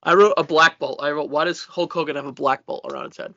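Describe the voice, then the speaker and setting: A man co-hosting a casual wrestling podcast, laid-back and quick to laugh. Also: fairly high pitch, fairly even intonation, sharp tone. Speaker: podcast co-host. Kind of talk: casual wrestling recap chat. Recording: dull lo-fi podcast audio.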